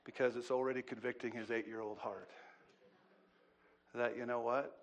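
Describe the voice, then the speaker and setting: A middle-aged man preaching a sermon as pastor, swinging from loud, animated bursts to quiet asides. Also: medium pitch, moderate pace, pauses often.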